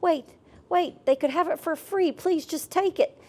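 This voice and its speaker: Woman playing a high, pleading housewife. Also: measured pace, a little mellow. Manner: eager, pleading. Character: pleading slovenly middle-aged housewife.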